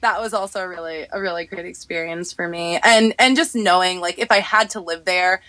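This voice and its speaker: A young woman from New York telling stories in a casual podcast chat, animated and acting out the people she quotes. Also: fairly low pitch, a little fast, dry recording. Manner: animated storytelling, acting out others in quoted voices, laughing often. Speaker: podcast guest.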